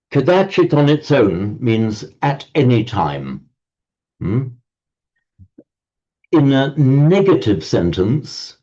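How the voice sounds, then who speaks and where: A man teaching a Sanskrit class online, explaining slowly and often repeating words as he searches for them. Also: medium pitch, mellow, muffled recording.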